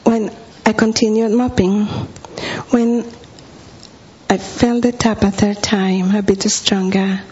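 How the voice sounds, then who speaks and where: Over a dull lo-fi recording with a faint hum, a woman preaches a sermon as a story, vividly acting out lines she once said. Her voice is medium-pitched and a little mellow with a breathy edge, and she speaks slowly with fairly even intonation.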